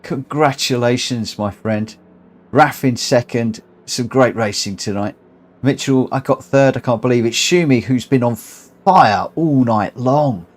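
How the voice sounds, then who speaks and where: A man streaming a racing game to his viewers, breathless, excited and heartfelt as he reads out the results. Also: mid-range voice, a little slow. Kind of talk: live game commentary. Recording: clear background noise.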